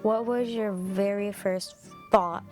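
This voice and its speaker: A woman co-host reads out interview questions in a measured, deliberate manner, taking her time over each one. Her pitch is middling, with faint guitar music playing behind her. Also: steady tone, darkish tone.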